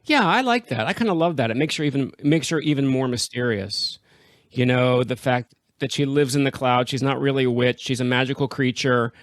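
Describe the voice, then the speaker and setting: A man's voice: medium pitch, a little fast, no echo, studio quality. Chatty enthusiastic male podcast host. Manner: enthusiastic, chatty, laughs often. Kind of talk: casual film discussion.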